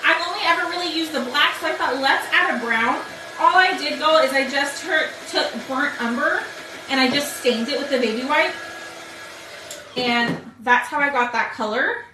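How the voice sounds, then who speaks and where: Amid a noisy background and roomy sound, a woman with a voice that sits high talks at normal speed on her live craft stream. She chats with viewers as she works, calling them "y'all" in a casual demo.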